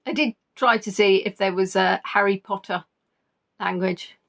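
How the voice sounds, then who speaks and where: A woman's voice: mid-range voice, steady tone, normal speed, gravelly, a bit bright. A woman hosting a live-stream quiz in a chatty, giggly way, reading out viewers' answers and teasing them. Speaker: quiz host.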